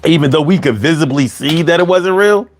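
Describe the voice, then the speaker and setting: A man hosting a casual live chat, animated and profane, laughing often as he talks. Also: on the high side, a little fast, slight background noise. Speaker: livestream host reading chat.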